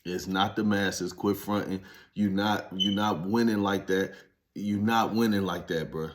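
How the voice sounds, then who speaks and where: A man's voice: low-pitched, fairly even intonation, a little slow. A former inmate telling his story in a casual, blunt, heavily profane monologue that rises to emphatic preaching.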